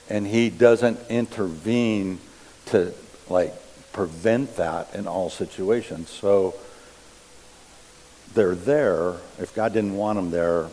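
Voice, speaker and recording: A man preaching a sermon in a church, reading scripture and explaining it deliberately. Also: fairly low pitch, mellow. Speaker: pastor. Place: church sanctuary. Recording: long reverb of a church hall.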